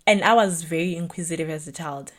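Girl doing a solo podcast, lowish voice, yappy and reflective, says like a lot. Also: quick pace. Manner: chatty, reflective, animated storytelling with lots of "like". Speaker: podcast host.

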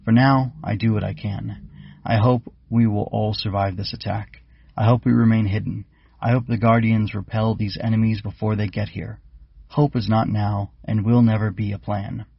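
A man doing a calm, wise winged bug teacher. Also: on the low side, gravelly, husky, no room sound, muffled recording. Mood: earnest. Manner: measured, instructive. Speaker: keeper instructing cadets.

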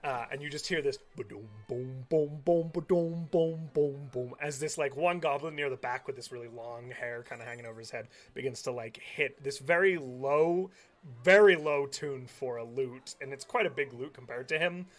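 Bright-voiced man narrating a tabletop game. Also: mid-range voice, moderate pace. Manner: descriptive, with many fillers. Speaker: game master.

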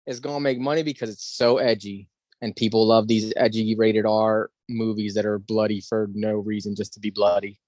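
A man co-hosting a podcast in casual chat, animated, sarcastic and profane. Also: on the low side, normal speed, no echo. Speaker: podcast co-host.

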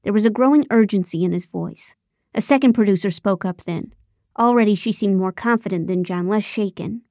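A woman narrating a comic mystery audiobook in the first person, with a wry, deadpan, sarcastic delivery. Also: medium pitch, fairly quick, no room sound, clean studio sound.

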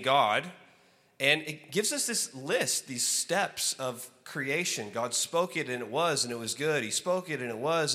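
A man preaching a sermon as a guest speaker, telling a personal story in an animated way and acting out what was said, then easing into softer, reflective teaching. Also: mid-range voice. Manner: animated, acts out his own story with loud exclaimed quotes; drops to soft, hushed delivery for reflective points. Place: church sanctuary. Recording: long reverb of a large hall.

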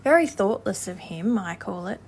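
A woman's voice: mid-range voice, expressive, normal speed, a little mellow, a little hiss or hum, close to an everyday voice. A woman voicing a peevish, complaining male mole in a storybook reading. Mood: grumbling. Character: fussy, grumbling male mole.

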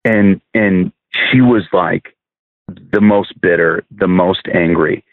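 A man's voice: low-pitched, steady tone, slow, no room sound. A man, a minister, earnestly telling a testimony as a podcast guest, often restarting and repeating words. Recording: dry, phone-like narrow sound.

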